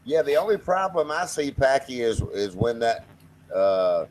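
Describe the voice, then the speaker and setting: A man's voice: mid-range voice, big pitch swings, a little slow, a little mellow, slight background noise, low-quality recording. A man in casual comedy chat who talks in an easygoing, agreeable way and keeps calling people man.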